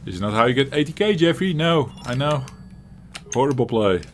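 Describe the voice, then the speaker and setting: This man's medium-pitched voice is animated and brisk as he chats about his gameplay with a Dutch accent from the Netherlands. A retro gaming channel host, he offers rambling, casual commentary full of chuckles and frequent restarts, against slight background noise.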